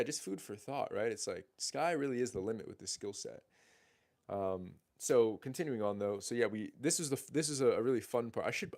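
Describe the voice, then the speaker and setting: A man in his twenties, a dating coach, telling a story in animated, casual speech full of swearing and restarts. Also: medium pitch. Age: 20s.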